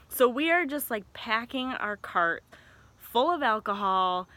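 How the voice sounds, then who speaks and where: A woman in her thirties from Michigan, telling a story in a casual vlog with chatty, excitable rambling and frequent self-corrections. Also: a little high, a little slow. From Michigan, USA. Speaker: vlogger.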